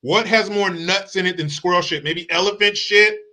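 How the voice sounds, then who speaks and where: A man's voice: high-pitched, moderate pace, pushed and bright. A man hosting a livestream, ranting about politics in a mocking, combative and profane way. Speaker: political commentary host. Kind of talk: casual political rant. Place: home streaming setup.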